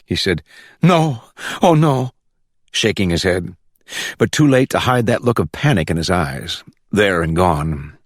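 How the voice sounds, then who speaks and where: A man narrating a crime novel as an audiobook, with an expressive reading. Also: deep voice, moderate pace, husky, dry recording, studio quality. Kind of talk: scripted narration.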